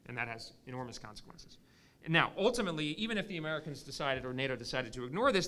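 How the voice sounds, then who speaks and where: A man's voice: mid-range voice, sharp tone. A man giving an analytical conference panel talk, often restarting sentences with many fillers. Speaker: panel speaker. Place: conference hall near an air force base.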